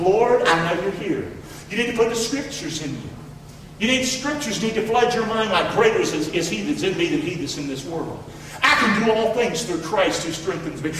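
A man preaching a sermon in a folksy, preacherly way that rises to shouts, recorded from far off in an echoey hall. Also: very high voice, a little hiss or hum. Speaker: pastor.

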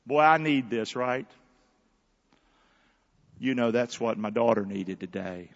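A man preaching a lively sermon with call-and-response, swinging between hushed asides and loud shouts. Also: medium pitch, slow, creaky, big-room sound, highs cut off. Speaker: pastor. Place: large church hall.

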